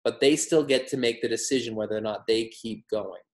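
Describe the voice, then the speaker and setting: A man leads a motivational training session, keeping it energetic, emphatic and laced with humor. His voice sits mid-range and carries a noticeable echo from a roomy space. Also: mid-range voice, fairly quick. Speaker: wellness product trainer.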